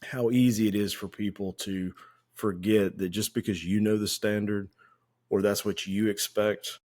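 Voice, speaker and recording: A man with a very low voice tells a story in an easy, conversational way. He co-hosts a podcast and talks about his time as a firefighter. Now and then he acts out what the people in the story said. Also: normal speed. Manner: relaxed, anecdotal, acts out quoted lines. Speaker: podcast co-host.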